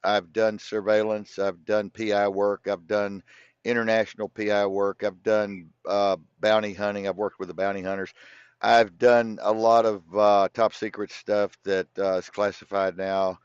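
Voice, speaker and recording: A man's voice: fairly low pitch, little pitch movement, moderate pace, smooth, no echo. A man speaking as an interview guest, telling long stories in a rambling, profane way and repeating himself. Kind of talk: casual storytelling interview. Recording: dull lo-fi dry sound.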